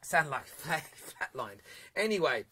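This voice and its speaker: A man's voice: on the high side, sing-song, unhurried. A young man hosting a live football phone-in, chatty and jokey, laughing often and reading viewer comments aloud. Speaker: phone-in show host.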